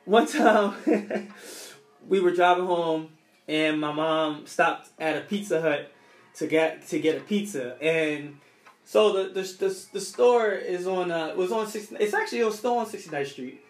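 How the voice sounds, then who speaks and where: A man's voice: high voice, unhurried, reverberant, soft background music. A young man casually telling a story from his childhood, rambling and restarting his sentences often.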